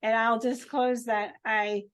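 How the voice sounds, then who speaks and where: Chatty higher-voiced woman co-host. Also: little pitch movement, takes it slowly. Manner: chatty, laughs often, upbeat. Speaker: podcast co-host. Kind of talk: casual chat.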